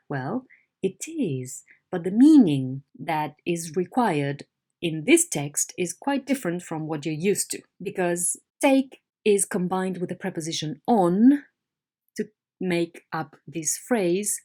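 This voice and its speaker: A woman's voice: on the low side, sing-song, measured pace, mellow. A woman English teacher in a recorded online lesson, explaining words patiently and checking in with her students.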